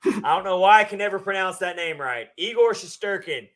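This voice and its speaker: A man co-hosting a sports podcast, talking casually and at length with relaxed fillers. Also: high-pitched. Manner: relaxed, talkative, drawn-out fillers. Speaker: podcast co-host.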